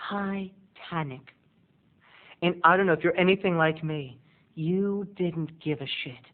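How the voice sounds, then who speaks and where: A man's voice: fairly high pitch, normal speed. A male video blogger doing a campy, sarcastic comic rant to camera, on tinny lo-fi audio. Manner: campy, sarcastic ranting with mock voices.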